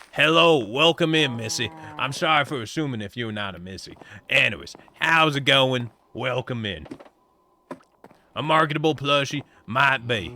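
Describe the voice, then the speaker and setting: A man's voice: medium pitch, pushed and bright. A man livestreaming a game, chatting and joking with his viewers in a put-on cowboy drawl. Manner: joking, teasing the chat. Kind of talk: casual live-stream chat while gaming.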